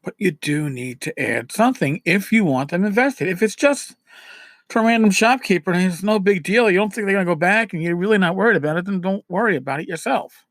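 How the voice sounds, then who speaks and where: A man's voice: sits high, expressive, a little fast, fairly bright tone, no echo, clean studio sound. A man from New City, giving casual podcast advice in a chatty, repetitive way, swinging between emphatic and dropped-down asides. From New York City. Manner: chatty, repeats himself, restarts phrases. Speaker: podcast host.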